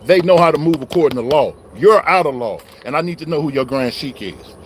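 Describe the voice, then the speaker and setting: Riled-up preachy man, high voice. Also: lively intonation, fairly quick, a little hiss or hum. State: wired on coffee. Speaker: online religious commentator. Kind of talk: heated livestream call-out.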